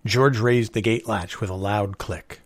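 A man narrating a story in a measured, expressive reading voice. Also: fairly low pitch, no echo.

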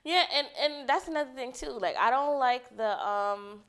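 A woman's voice: sits high, normal speed, a bit bright. A young woman co-hosting a podcast, chatting casually in a blunt, emphatic way and swearing freely. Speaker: podcast co-host. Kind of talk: casual chat.

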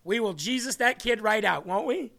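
A male host with a high, ringing voice talks through a live stream, reading out viewer comments and donations. He sounds earnest and excitable and often breaks off to restart a sentence. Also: normal speed, gravelly. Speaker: host of an online faith show.

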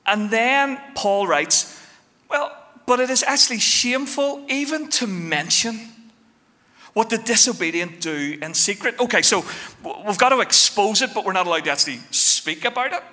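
A man preaching a sermon as pastor, telling stories with lively shifts between quick bursts and slow, weighty phrases. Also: high voice. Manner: animated storytelling, shifting fast and slow. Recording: long hall reverb.

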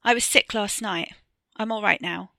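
A woman's voice: mid-range voice, normal speed, vocal fry, bright, forceful tone, dry recording, clean studio sound. A woman doing a defiant young boy. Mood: defensive. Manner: defensive, short answers. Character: defiant scared ten-year-old boy.

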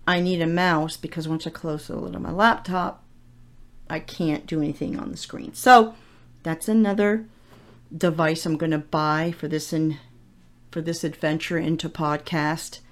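A woman's voice: low voice, steady tone, unhurried, a bit bright. Chatty middle-aged woman hosting a podcast. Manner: chatty, self-mocking storyteller. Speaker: podcast host. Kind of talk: casual solo podcast monologue. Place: home office. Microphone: desk podcast microphone.

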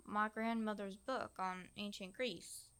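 A man voicing a frightened but clever young girl in a soft, hesitant falsetto for a horror audio story. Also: fairly even intonation, a little slow, clean tone. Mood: nervous.

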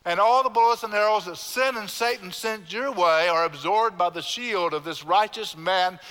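Preaching with forceful repetition, a pastor leads his congregation in repeating lines back to him. His voice sits high, bright and forceful, at normal speed. Long reverb from the church sanctuary carries through the recording.

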